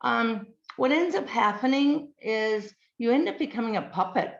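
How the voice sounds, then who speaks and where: A woman giving a slide presentation, speaking in a measured way, listing words with frequent ums. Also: fairly high pitch, lively intonation, gravelly. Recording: dull lo-fi recording.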